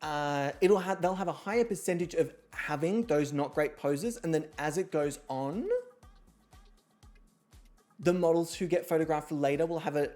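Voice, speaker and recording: Excitable, chatty woman stream host. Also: deep voice. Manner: chatty and excitable, swears freely, talks to her pets. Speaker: host of an online reality show game stream. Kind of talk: casual livestream chat. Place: at home at her computer.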